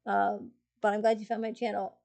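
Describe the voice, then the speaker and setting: Giggly rambling woman with a gravelly voice. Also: medium pitch, level tone, brisk, darkish tone. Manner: rambling, giggly, many fillers and restarts. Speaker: streamer. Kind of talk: casual chat with live chat.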